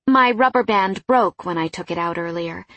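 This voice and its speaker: A woman voicing a reserved, awkward young woman who answers in short, plain words, in a storybook read with a husky voice. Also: on the low side, normal speed, no room sound, muffled recording. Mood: reserved, terse. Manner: terse, plain-spoken.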